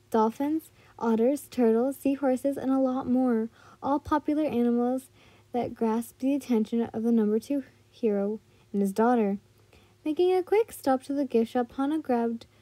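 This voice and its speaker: High-voiced woman reading fanfiction. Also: warm tone, dry recording. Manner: casual reading with frequent slips and restarts. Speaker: fanfiction reader. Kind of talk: storybook narration.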